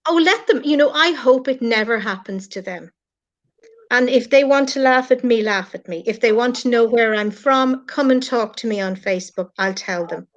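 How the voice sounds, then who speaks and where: A middle-aged Irish woman speaks in an earnest, heartfelt way, addressing her critics head-on. Her voice sits a little high. The stream audio is muffled and lo-fi. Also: moderate pace. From Ireland. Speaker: guest on a live stream. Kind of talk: emotional live-stream chat.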